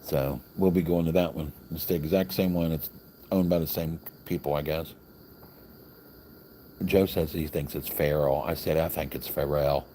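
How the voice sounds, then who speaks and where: A man's voice: extremely low pitch, fairly even intonation, normal speed, dark tone, slight background noise. A man telling a long story on a livestream in a loose, rambling way, acting out the lines of the people in it. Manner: rambling, chatty, acts out other people's lines. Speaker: vlogger. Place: hotel, with crickets outside.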